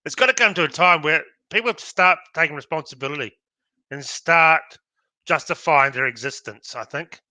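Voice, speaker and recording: Australian male co-host, slightly high, sarcastic, very bright tone. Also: moderate pace, no room sound. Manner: sarcastic, mocking. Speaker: podcast co-host. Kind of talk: casual livestream chat.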